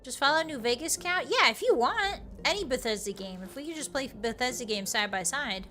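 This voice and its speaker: A woman streamer giving excitable, casual commentary while playing a game, bursting into exclamations and now and then slipping into playful pirate talk. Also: high voice, a little fast, faint music behind.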